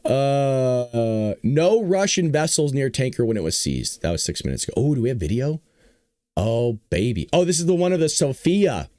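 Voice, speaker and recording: A hoarse man hosting a casual political commentary show, joking and talking to his audience. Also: medium pitch, measured pace, dry recording. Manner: animated, joking, talks to the audience. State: hoarse, voice worn out. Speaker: show host.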